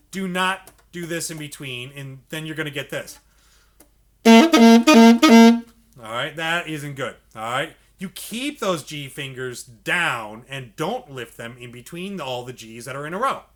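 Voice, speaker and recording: High, lively-voiced man teaching saxophone. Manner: patient, repetitive step-by-step coaching. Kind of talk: instructional explanation for beginners.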